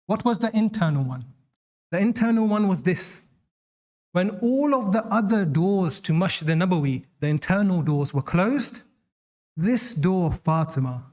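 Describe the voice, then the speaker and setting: Man preaching a dramatic sermon. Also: darkish tone. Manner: dramatic, voices quoted lines with rising pitch. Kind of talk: sermon storytelling.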